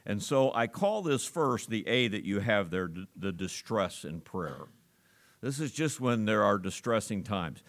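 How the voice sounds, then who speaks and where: A man delivering a sermon, his voice sitting at an ordinary middle pitch. He reads scripture with slow, weighty emphasis, then eases into plain conversational explanation for his congregation. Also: a bit bright. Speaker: pastor.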